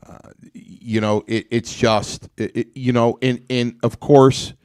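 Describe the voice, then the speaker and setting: A man in casual conversation, circling back with fillers and repeated starts as he tells a story. His voice sits at an ordinary middle pitch and is recorded close and dry. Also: fairly even intonation, slow, darkish tone, smooth, dry recording. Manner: rambling, many restarts and fillers. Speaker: podcast host. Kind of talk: casual chat.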